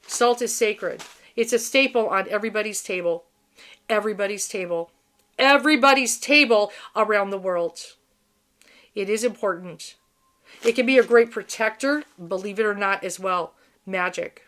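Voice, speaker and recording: A woman hosts her spiritual channel in a loose, unscripted monologue, her voice sitting at a middling pitch. She rambles bluntly, swears freely and keeps restarting her sentences. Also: normal speed, fairly bright tone.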